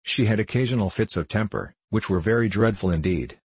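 A man with a husky voice reading the lines of a gentle, earnest mother in a storybook. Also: on the low side, a little fast, dry recording.

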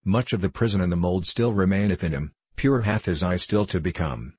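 A man voicing a solemn male sage, calm and grave, speaking archaic words slowly and evenly. The voice sits deep and carries a husky grain, close and dry with no room around it. It is a steady storybook reading. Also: no echo. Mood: gentle counsel. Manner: measured, unhurried reading of archaic speech.

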